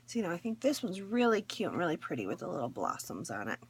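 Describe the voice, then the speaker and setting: A woman's voice: fairly low pitch, wildly swooping pitch, quick pace, a little hiss or hum. A woman chatting casually as a crafting vlogger, showing a fabric haul in her morning voice, rambling with small laughs and fillers.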